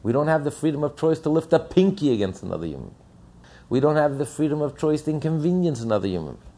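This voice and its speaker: A man's voice: fairly high pitch, sing-song, fast talker, mellow. A man giving a sermon as a rabbi, emphatic and repetitive, firing rhetorical questions. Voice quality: gravelly, husky.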